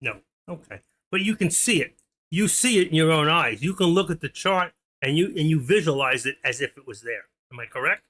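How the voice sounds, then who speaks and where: Bright-voiced man hosting a trading stream. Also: on the high side. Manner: chatty, talks to chat viewers by name. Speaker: stock trading livestream host. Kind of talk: casual live-stream chat while trading.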